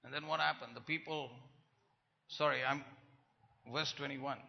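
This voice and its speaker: A man preaching a sermon in an animated way, rising to loud emphasis and acting out the complaints he quotes. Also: mid-range voice, moderate pace, gravelly. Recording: muffled sound with long hall reverb.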